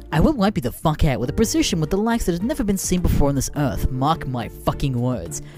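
A man's voice: medium pitch, natural voice. A man voicing an angry, tough-talking teenage boy who swears and boasts as he threatens.

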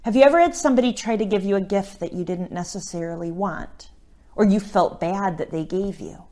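A woman's voice: medium pitch, brisk, warm tone. A middle-aged woman, a Catholic missionary, giving an informal teaching talk on scripture and often checking in with the listener. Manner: conversational, often checks in with a tag question.

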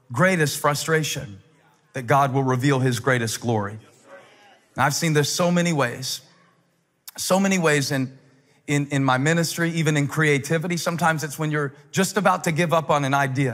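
A man in his forties preaching a sermon as a pastor, telling stories with humor and building up to shouted climaxes. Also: fairly high pitch, normal speed, big-room sound. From United States. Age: 40s.

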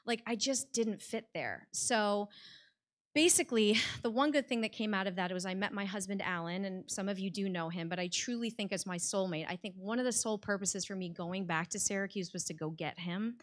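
A woman's voice: medium pitch, a little fast. An American woman telling a personal story on stage before a live audience, in a heartfelt conversational way with many "like" fillers.

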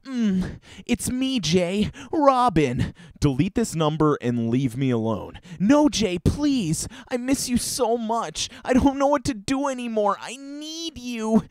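A man's voice: sits high, very animated, slow pace, no room sound, voice pushed up, heavily acted. A man voicing a clingy young woman who swings between whiny begging and spiteful mockery. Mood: pleading. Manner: whiny pleading, then mocking and bitter.

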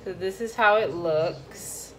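A woman's voice: mid-range voice, takes it slowly, slight background noise. A woman hosting a cooking video, chatting casually with playful slang and joking asides. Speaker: cooking vlogger. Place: home kitchen. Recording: frying sizzle in background.

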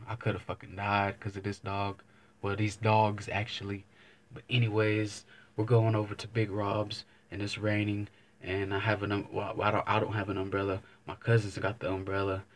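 A young man vlogging, telling a casual story to camera, rambling and swearing, often circling back with "but anyways.". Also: fairly low pitch. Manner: rambling, profane, keeps saying "but anyways".

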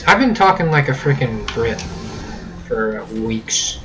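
A man's voice: mid-range voice, expressive, slow, fairly bright tone, rough recording. A young American man casually commenting on his gameplay, joking and rambling, with a faint hum behind him. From United States. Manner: joking, rambling, mock-British catchphrases. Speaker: gameplay video host. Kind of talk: casual let's-play commentary.

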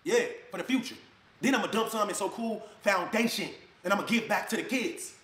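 A man's voice: sits high, a bit bright, echoey room. A man ranting angrily at his critics in a heated video clip, mocking the people he quotes. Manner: angry, rapid, mocking quoted voices. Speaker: influencer addressing critics.

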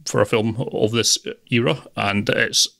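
A man's voice: fairly low pitch, fairly even intonation, unhurried, creaky, a bit bright. A man co-hosting a film podcast, talking in a hesitant, easygoing way with many fillers. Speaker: podcast co-host, film reviewer. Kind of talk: casual podcast film review.

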